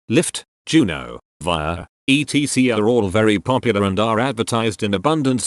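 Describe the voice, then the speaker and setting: A man narrating stories submitted by viewers in a steady, even reading voice. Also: lowish voice, no room sound. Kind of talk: scripted story narration. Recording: soft music bed behind the voice.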